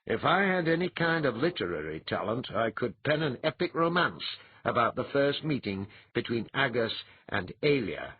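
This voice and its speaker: A man's voice: mid-range voice, sing-song, moderate pace, hardly any pauses, slightly rough, narrow, tinny audio. A man voicing a genial, courtly clan chief in an audiobook reading. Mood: reminiscing.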